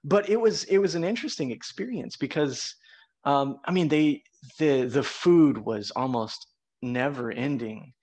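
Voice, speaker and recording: A man's voice: mid-range voice, a little slow, darkish tone. A middle-aged man hosting a podcast, telling stories in a loose, rambling way full of fillers. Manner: rambling storyteller, frequent uh and you know. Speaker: podcast host. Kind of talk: casual conversation.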